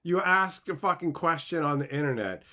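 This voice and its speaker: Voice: medium pitch, lively intonation, normal speed, sharp tone. A streamer reacting to chat in casual talk, sarcastic and mocking, swearing often and laughing between remarks. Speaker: streamer reading chat aloud.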